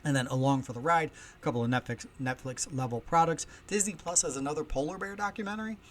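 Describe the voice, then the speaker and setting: A man hosting a casual solo podcast from home, chatty and storytelling, with loudness that swings often. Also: fairly high pitch, quick pace. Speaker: podcast host. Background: faint ambience of heating and kids upstairs.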